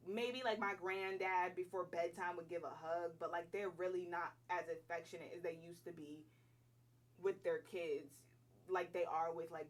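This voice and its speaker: Animated slangy young woman, mic a bit off. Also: on the low side, recorded from a distance. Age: 20s. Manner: animated, slangy, emphatic storytelling. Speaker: vlogger. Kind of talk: casual storytime chat. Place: home.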